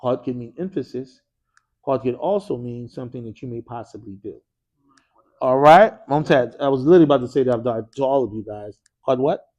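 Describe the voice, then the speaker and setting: A man's voice: medium pitch, a little fast, darkish tone, muffled recording. A man teaching an Arabic grammar class in a mosque classroom. He speaks with energy, keeps quizzing his students with "what?" prompts and drops casual slang.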